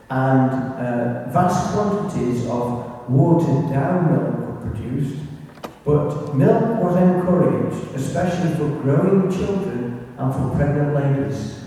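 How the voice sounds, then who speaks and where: A man's voice: medium pitch, dark tone. Man giving a talk in an echoey hall. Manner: chatty, anecdotal, with asides to the audience. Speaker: local history speaker. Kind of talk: illustrated public talk. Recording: echoey hall recording from far off.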